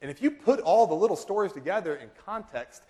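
Man preaching in an echoing hall. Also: quick pace. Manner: storytelling, animated, acts out quotes in high voices. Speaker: pastor. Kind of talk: sermon. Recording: long reverb of a large hall.

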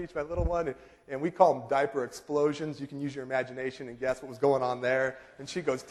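Man, thirties, pastor, animated storytelling sermon, mid pitch, reverberant hall. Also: brisk. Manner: storytelling, animated, acts out quotes in high voices. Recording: long reverb of a large hall.

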